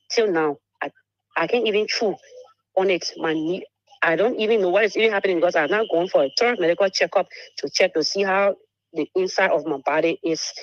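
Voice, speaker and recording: A woman, telling a painful personal story on a talk show, halting and repeating words. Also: on the low side, no echo. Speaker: guest telling her story. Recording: muffled dry broadcast audio.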